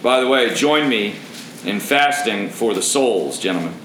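A middle-aged man teaching a group of men with fervent, zealous intensity. He drops to soft, low asides, then climbs into forceful, animated reading. The room is echoey, with a faint hum of background noise. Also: a little slow. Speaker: men's Bible study leader. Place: roomy room with a seated group.

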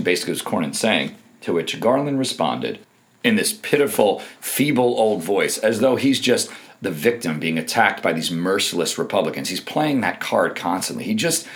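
A man's voice: sits low, expressive, moderate pace. A man delivering an emphatic, scornful opinion monologue as a political commentator, reading out quotes and cutting in with remarks.

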